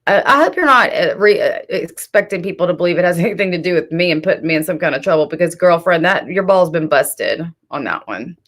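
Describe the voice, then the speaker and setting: A woman's voice: fairly low pitch, lively intonation, quick pace, hardly any pauses, fairly bright tone. A woman hosting a live stream, gossiping and calling people out in casual chat. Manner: sassy, gossipy, talks straight to chat. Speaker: streamer host.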